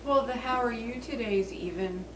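A woman with a fairly high voice chimes in from among the listeners with short, chatty remarks, and other people in the room are clearly heard around her. She sounds like part of a casual group talk. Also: brisk, a crowd in the background, low-quality recording. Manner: brief chatty interjections. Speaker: audience member.

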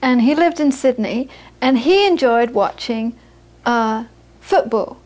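High-voiced woman giving a dharma talk. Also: takes it slowly. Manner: storytelling, animated when quoting, soft and hushed on inner peace. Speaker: Buddhist teacher.

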